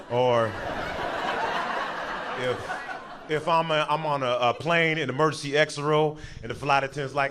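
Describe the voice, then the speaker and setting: A man works a comedy club stage into a handheld mic, his voice sitting a little high and often leaping even higher as he acts out other people. The crowd's laughter and room noise come through clearly behind him. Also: moderate pace. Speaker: stand-up comedian. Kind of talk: stand-up comedy set. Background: audience laughter.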